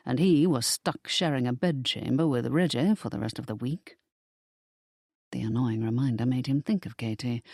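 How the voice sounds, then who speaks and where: Steady mid-pitched audiobook narrator, dry close recording. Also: no room sound. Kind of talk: scripted narration.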